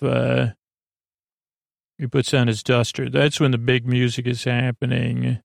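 Man, halting rambling recap, gravelly fry, flat monotone, close dry sound. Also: medium pitch, no echo. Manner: rambling, halting, many ums and uhs. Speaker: podcast host. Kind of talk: sleepy casual episode recap.

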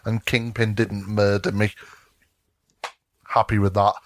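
A man's voice: fairly low pitch, little pitch movement, unhurried, a little hiss or hum. A young man co-hosting a podcast, telling a story in a casual chat, swearing and laughing often. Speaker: podcast co-host.

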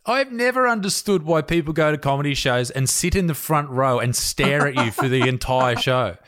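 A man with an Australian accent, a comedian telling animated, profanity-laced gig stories in casual chat. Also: on the high side, moderate pace. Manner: animated, swearing storyteller.

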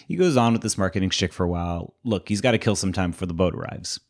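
A man's voice: sits low, quick pace, few pauses. A man hosting a podcast, casually recapping a movie with lots of fillers. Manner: rambling, filler-heavy.

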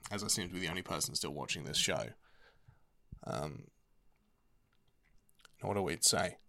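A man's voice: low-pitched, expressive, normal speed, creaky, sharp tone. A young man chatting casually in a rambling, laid-back way, swearing freely as he talks about TV shows. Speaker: vlogger. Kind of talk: casual chat.

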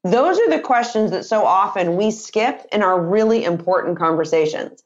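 A woman in her fifties, an author and sales trainer, speaking as an interview guest in an energetic, expressive way and acting out example dialogue. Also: mid-range voice, normal speed, highs cut off.

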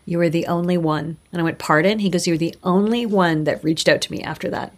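A woman's voice: fairly low pitch, a little fast, few pauses. A middle-aged woman, a guest on an interview podcast, telling her career stories casually and acting out the voices of people she quotes. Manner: animated, acts out quoted voices. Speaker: guest, actor and insurance broker.

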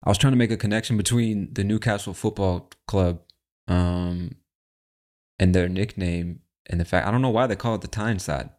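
Deep-voiced brash podcast host. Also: male voice, normal speed, darkish tone. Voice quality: brash, chatty, swears freely. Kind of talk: casual podcast chat.

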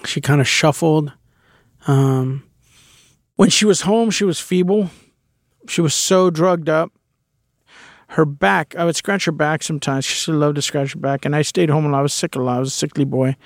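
A man's voice: a little high, moderate pace, no room sound, clean studio sound. A man candidly telling a personal story in a conversational way, with the odd curse word. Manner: candid, conversational, with occasional swearing.

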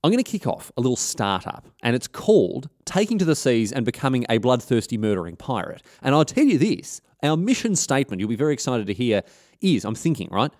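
A man's voice: mid-range voice, sing-song, a little fast, darkish tone, no echo, clean studio sound, natural voice. A man voicing a brash, vengeful noblewoman turned pirate, matey and conspiratorial in his own voice. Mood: scheming.

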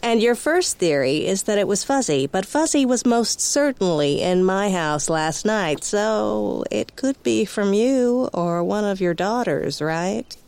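A woman's voice: medium pitch, animated, unhurried, gravelly, few pauses, darkish tone, clean tone, no echo. An actress playing a peppy, sing-song widowed neighbor woman with an unsettling edge in an audio drama. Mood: probing.

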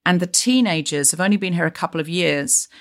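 Woman host, slightly low-pitched, curious and enthusiastic on a remote line. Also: fairly quick. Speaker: podcast host. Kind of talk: remote podcast conversation. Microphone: remote recording over an online call.

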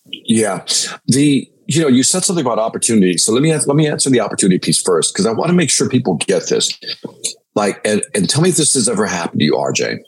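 Low husky guy, sales trainer telling a lively story, keeps asking "right?". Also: fast talker, poor audio. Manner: energetic, repeats "right?" to the listener. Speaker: sales trainer, podcast guest. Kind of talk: animated storytelling.

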